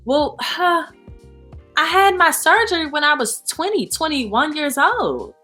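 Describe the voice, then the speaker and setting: A woman speaking as an interview guest in a candid, animated way, full of "you know" and "like". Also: high voice, unhurried, soft background music. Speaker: guest, founder of a support organization. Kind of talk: casual interview chat.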